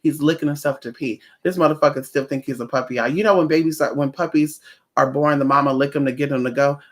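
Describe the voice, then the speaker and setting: Home vlogger, sassy, profane, rambling, middle pitch, casual chat. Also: fast. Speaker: spiritual practitioner and vlogger. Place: home, indoors.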